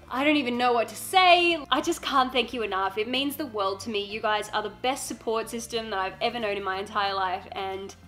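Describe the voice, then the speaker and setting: A woman's voice: fairly high pitch, fairly bright tone. A young woman YouTuber talking in a casual unboxing vlog, earnest and emotional, with frequent giggles. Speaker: beauty YouTuber.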